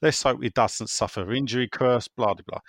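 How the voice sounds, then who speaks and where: A man doing a cheeky Cockney Essex lad, reading a fan's letter aloud in a breezy, chirpy way. The voice sits at an ordinary middle pitch and sounds dry and close, with no room around it. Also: normal speed, fairly bright tone, no room sound. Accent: Cockney Essex, put on. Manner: reads a listener's email aloud in a put-on voice.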